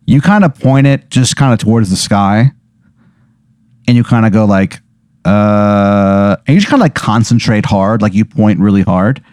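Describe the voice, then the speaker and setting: A man's voice: lowish voice, moderate pace, darkish tone, no room sound, studio quality. A man on a comedy podcast improvising an absurd story, rambling through it with constant fillers and swearing. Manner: rambling delivery full of fillers and profanity. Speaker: podcast guest.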